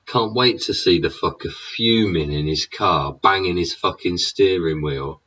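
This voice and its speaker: A man's voice: deep voice, unhurried, pushed and bright, husky. A man hosting his own show, ranting with constant swearing and tag questions like "innit". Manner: swears constantly, rhetorical tags like "innit" and "yeah". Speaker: show host. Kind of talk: profane ranting monologue. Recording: dull lo-fi recording.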